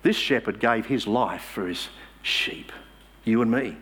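A man's voice: fairly low pitch, a little slow, a bit bright, breathy edge. A man preaching a sermon in church, emphatic and asking the congregation rhetorical questions.

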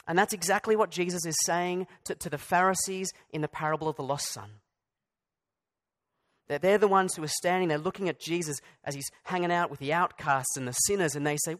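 A man's voice: fairly high pitch, fairly quick, a bit bright. A man preaching a sermon in a conversational way, with asides and restarts. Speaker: pastor.

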